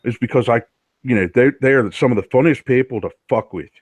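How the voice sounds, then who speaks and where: A man's voice: medium pitch, fast, no room sound. A man on a podcast panel, chatting casually and boastfully with heavy swearing. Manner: brash, boastful, swears heavily. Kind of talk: casual profane chat.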